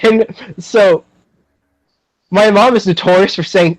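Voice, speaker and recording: A man's voice: high voice, steady tone, slow, no room sound, rough recording. A young man hosting a podcast, chatting casually and animatedly, with lots of fillers and frequent laughter. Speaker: podcast host.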